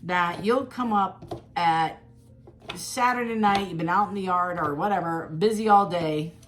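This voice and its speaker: A woman reading tarot cards in a casual, animated monologue, acting out quoted voices and laughing often. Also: lowish voice, measured pace, noisy background. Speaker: tarot reader.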